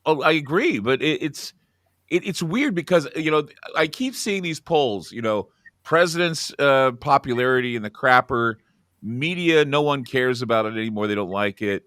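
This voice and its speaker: A male talk show host with a bright, forceful voice that swings widely in pitch. His speech sounds dry and close, with little room sound around it. He chats casually and gets animated when he mimics other people. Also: normal speed, no room sound. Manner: animated, voice jumps high when quoting people. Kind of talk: casual political chat. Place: Oregon studio.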